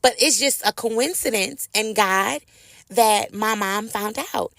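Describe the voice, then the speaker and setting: Woman, middle-aged, casual storytelling, gravelly, dry recording. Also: medium pitch, slow pace, a bit bright, dry recording. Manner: chatty, addresses listeners as y'all. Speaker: host.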